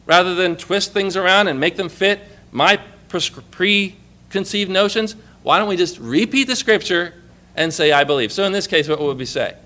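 Male preacher, high bright voice, animated and conversational, keeps asking the listeners questions. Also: normal speed. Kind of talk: conversational sermon.

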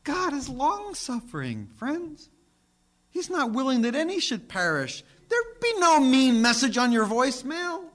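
Male pastor, high and lively voice, preaching with emphatic swings from loud to hushed. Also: unhurried. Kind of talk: sermon.

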